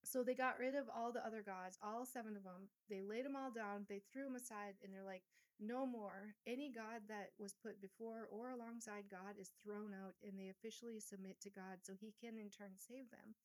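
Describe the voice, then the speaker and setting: A woman's voice: medium pitch, steady tone, a little fast, few pauses. Lady reading bible verses then chatting through what they mean, casual teaching vibe. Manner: reads scripture aloud, then paraphrases in casual asides. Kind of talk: Bible study reading and commentary.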